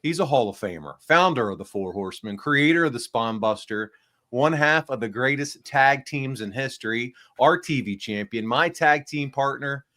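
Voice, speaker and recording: A man's voice: medium pitch, lively intonation, normal speed, sharp tone. A man hosting a casual podcast, nasal and congested from the flu, upbeat and rambling with fillers. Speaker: podcast host. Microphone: small backup microphone.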